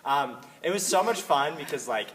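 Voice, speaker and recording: A teenage boy, a high school runner, answering casually with hesitant, filler-heavy talk. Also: lively intonation, moderate pace, a bit bright. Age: late teens. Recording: distant mic, faint hiss.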